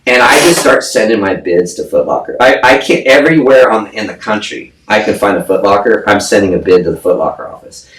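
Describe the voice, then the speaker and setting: A man with a fairly low voice spins a blunt, profane yarn as a podcast guest, slipping into the voices of the people he quotes. He sits back from the microphone in a roomy, echoing space with a faint hiss of background noise. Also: animated, brisk, few pauses, a bit bright. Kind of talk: casual storytelling interview. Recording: echoey room, distant mic, faint noise.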